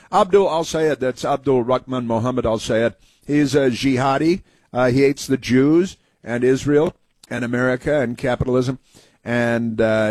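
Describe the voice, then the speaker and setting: A man's voice: mid-range voice, dry recording. A male talk radio host giving scornful, sarcastic political commentary in a rambling way.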